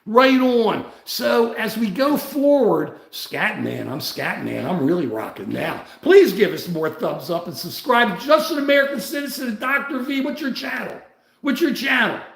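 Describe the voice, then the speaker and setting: A man's voice: high-pitched, big pitch swings, moderate pace, gravelly, a bit bright, roomy sound. An older man hosting a political livestream, blunt and ranting, greeting viewers between points. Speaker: livestream host.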